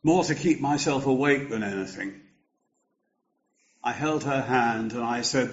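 An older man preaching a sermon, slow and measured, lifting his voice for emphasis. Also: medium pitch, highs cut off.

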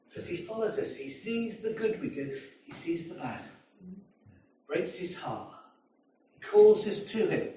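A man's voice: high-pitched, normal speed. A man preaching a sermon in a church, telling a story and acting out the people in it. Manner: storytelling, animated, acting out a drunk's voice. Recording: echoey church hall from a distance, dull sound.

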